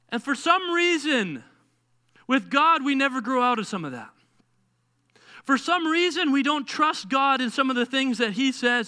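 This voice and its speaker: A young male pastor preaching a sermon, animated and acting out dialogue as he tells a story. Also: extremely high pitch, moderate pace.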